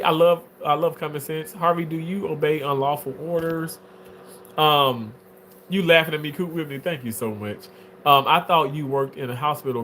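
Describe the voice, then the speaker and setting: A livestreamer reading viewer comments in casual chat, drawling with many fillers and swinging into shrill, theatrical mock wailing. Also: a bit bright, a little hiss or hum. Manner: drawling, filler-heavy talk. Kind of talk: casual live-stream chat.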